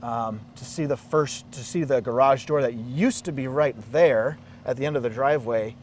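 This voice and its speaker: A man's voice: medium pitch, normal speed, slight background noise. Man telling his story outdoors, distant mic. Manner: animated, acts out quoted dialogue. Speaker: interviewee, local resident. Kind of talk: personal storytelling in an interview. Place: outdoors in a residential neighborhood.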